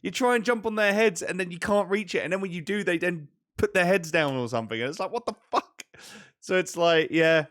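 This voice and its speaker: Laughing man, higher voice. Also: fairly quick, a bit bright, no echo, studio quality. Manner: swears freely, laughs a lot, mocking voices. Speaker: podcast co-host. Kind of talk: casual chat.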